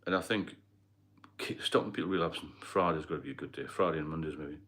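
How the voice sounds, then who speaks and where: His voice is a rumbling low one, fairly bright in tone, and he talks quickly. He's a middle-aged livestream host from Northeast England with a Geordie-London accent, chatting casually and rambling as he responds to viewer comments.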